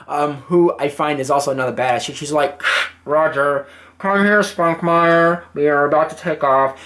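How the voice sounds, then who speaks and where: A man casually reviewing a movie, swearing freely as he retells scenes. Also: on the high side. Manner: casual and profane, acting out scenes.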